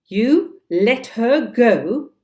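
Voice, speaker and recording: A woman reading a storybook and voicing a furious, blustering adult male pirate captain with loud, slow, emphatic lines. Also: fairly low pitch, lively intonation.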